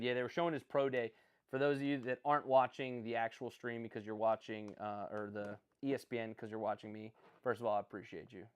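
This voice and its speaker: A young man hosting a live stream, commenting on a sports draft in an excitable, rambling way and often correcting himself. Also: medium pitch.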